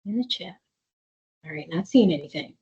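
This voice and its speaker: A woman's voice: on the low side, lively intonation, normal speed, warm tone, lo-fi sound. A woman therapist leading a webinar for parents, talking in an earnest, conversational way and reading chat comments aloud. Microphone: video call.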